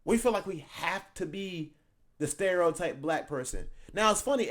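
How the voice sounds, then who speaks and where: A young man talks straight to his audience in loose, casual commentary. His voice sits a little high for a man, and he gets animated and laughs easily when he makes his points. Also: normal speed. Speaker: channel host reacting to a video.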